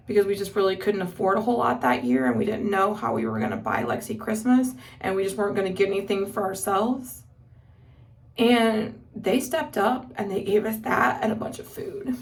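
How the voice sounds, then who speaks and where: A woman with a fairly high voice tells her family's story in a casual vlog. She is earnest and candid, with plenty of "like" fillers. She sits a little back from the microphone, so her voice sounds somewhat distant.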